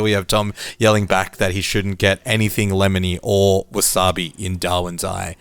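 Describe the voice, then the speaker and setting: A man's voice: low voice, little pitch movement, moderate pace, fairly bright tone, smooth, no echo. A man co-hosting a television recap podcast in an enthusiastic casual chat, chuckling often. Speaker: podcast co-host.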